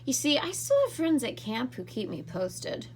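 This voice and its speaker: Woman reading as a smooth, mocking teen villain. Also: a little high, big pitch swings, normal speed, slight background noise, voice pushed up. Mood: taunting. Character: smooth, scornful teenage boy villain.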